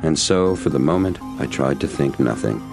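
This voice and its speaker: A man narrating a book in the first person, in a measured storytelling manner. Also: rumbling low, animated, vocal fry, music in the background. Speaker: audiobook narrator.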